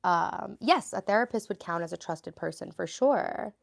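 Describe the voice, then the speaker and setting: Chatty woman with a gravelly voice. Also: fairly low pitch, expressive, normal speed. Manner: chatty, rambling, answers viewer comments on the fly. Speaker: livestreaming vlogger mom. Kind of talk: casual livestream chat answering viewers. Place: at home, cluttered room.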